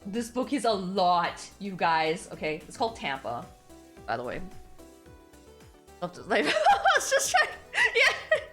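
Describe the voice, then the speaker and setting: A woman streamer chatting casually, animated and giggly, who swears freely as she retells a story. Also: medium pitch, unhurried, pauses often, soft background music. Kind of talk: casual chat.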